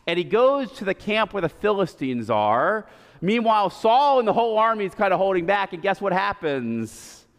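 A man's voice: high-pitched, very animated, moderate pace. A male pastor preaching a sermon, retelling the story casually and animatedly with lots of fillers, recorded in a reverberant church sanctuary.

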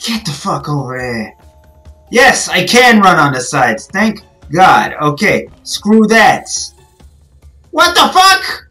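A woman's voice: deep voice, big pitch swings, slow pace, faint music behind. Swearing, frustrated woman gamer. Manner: frustrated, swears a lot, yells at the game. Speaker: gaming channel host. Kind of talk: let's play commentary.

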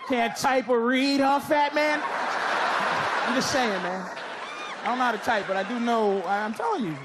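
A middle-aged man doing stand-up comedy and teasing people in the crowd, with loose, drawn-out delivery. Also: extremely high pitch. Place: comedy club stage with a laughing audience. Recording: live stage recording with crowd and noise. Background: audience laughter.

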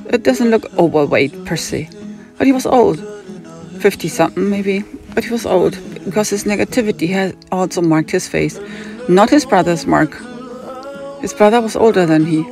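A woman with a German accent and a gravelly, fry-laced voice tells a long, rambling story. She wanders off on tangents and keeps jumping into other people's voices to act out their lines. Faint music sits under her talk. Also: mid-range voice, expressive, moderate pace. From Hamburg, Germany.

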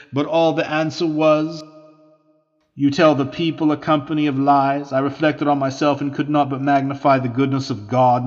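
A man reading an old historical account aloud in a measured, formal manner. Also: medium pitch. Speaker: reader. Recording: dull lo-fi audio with long reverb.

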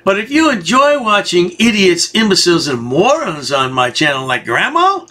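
A man's voice: high voice, big pitch swings, measured pace, hardly any pauses, bright, forceful tone. Sarcastic man hosting commentary. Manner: sarcastic, folksy, rambling. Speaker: commentary channel host. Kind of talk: mocking video commentary.

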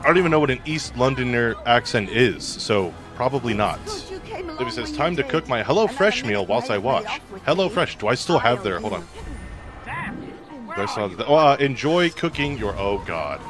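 This streamer is a man with a mid-range voice and big pitch swings, talking at a moderate pace. He chats and jokes casually while gaming, reacts aloud to the game, and reads viewer messages, with game music underneath.

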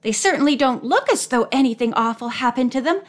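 Restless eager teen girl, woman reading, bit higher and brighter. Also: animated. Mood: excited. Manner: eager, quick to complain. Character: teenage girl Judy, restless and excitable.

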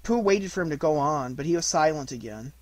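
A man reading a children's storybook aloud, gentle and measured in delivery. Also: on the high side, animated, dry recording. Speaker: audiobook reader. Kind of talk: storybook narration.

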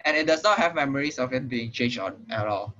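Singaporean man tutoring, bright lo-fi voice. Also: mid-range voice, lively intonation, a little fast. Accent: Singaporean English. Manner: casual, filler-heavy explaining, checks understanding with "right?". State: slightly out of breath. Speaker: programming tutor. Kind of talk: online tutorial lesson. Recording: muffled lo-fi online call audio.

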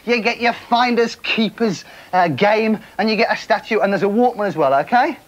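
A man hosting a game show, chatty and excitable, urging contestants on. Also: sits high, moderate pace, highs cut off. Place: TV studio set. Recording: loud music and cheering crowd behind.

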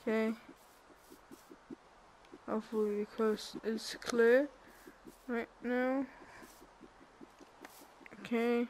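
Slow-talking young woman playing a game. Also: on the high side, flat delivery, a little hiss or hum. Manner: chatty, thinks aloud, laughs and squeals when scared. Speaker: gamer. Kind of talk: casual gameplay commentary. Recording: game music behind the voice.

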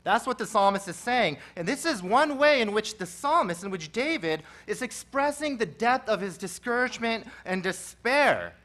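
A male pastor delivering an expository sermon at a church service. He swells loud on repeated phrases, then drops back to a soft, conversational teaching tone. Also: high voice, expressive, normal speed, hardly any pauses.

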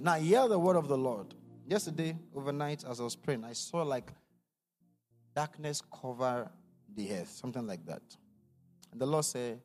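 A man leading a church service as pastor, making announcements and leading the congregation in declarations. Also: in a large hall. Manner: preacherly, rising to loud declarations; calm, low announcements. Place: church auditorium.

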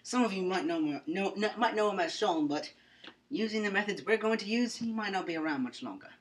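A woman's voice: medium pitch, lively intonation, a little fast. A young woman presenting a comedic mock-science skit, rambling and mock-serious with playful asides. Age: young adult.

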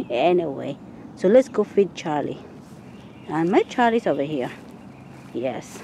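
A woman chatting casually while she walks through her backyard garden, sometimes calling to her pet rabbit in a high sing-song voice. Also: dark tone. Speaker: vlogger giving a garden tour. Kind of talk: casual chat while walking. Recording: outdoor phone video with faint nature noise.

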